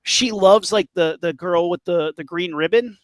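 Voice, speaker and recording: A man in his thirties in casual podcast chat, animated and acting out quotes as he talks. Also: sits high, normal speed, no room sound. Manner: animated, acts out quotes with laughter. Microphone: home mic on a video call.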